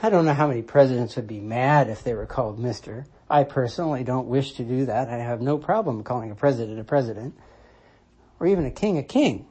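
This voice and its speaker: A commentator giving a reflective solo monologue, measured and deliberate, restating points for emphasis. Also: medium pitch, a little mellow, slightly rough. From United States. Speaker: Christian commentator.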